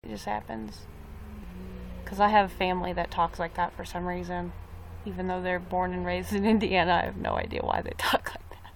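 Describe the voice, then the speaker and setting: A young woman talks casually to her live-stream viewers in a slightly low voice. She rambles from thought to thought and reads out their comments as she goes. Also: little pitch movement, moderate pace, creaky, a little hiss or hum. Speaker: livestreamer.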